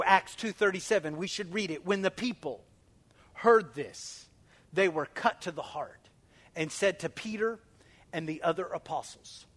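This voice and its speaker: A man preaching a sermon as pastor, emphatic and calling out to his congregation, swinging between loud declarations and hushed near-whispers. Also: high voice, moderate pace.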